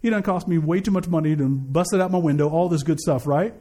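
A man's voice: fairly high pitch, brisk, dark tone. A man in his thirties preaching a sermon, mixing casual jokes and family stories with emphatic declarations. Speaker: pastor.

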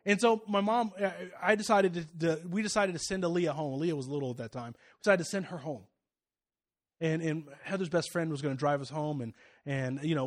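A pastor preaching a sermon and telling a personal story, moving from loud, rising exhortation to quiet, confiding asides. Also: male voice, fairly high pitch.

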